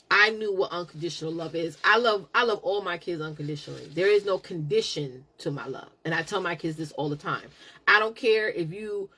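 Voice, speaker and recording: A middle-aged woman hosting a live stream, telling a personal story in a casual, animated, preaching way. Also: lowish voice, breathy edge. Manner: animated, preachy, laughs a lot.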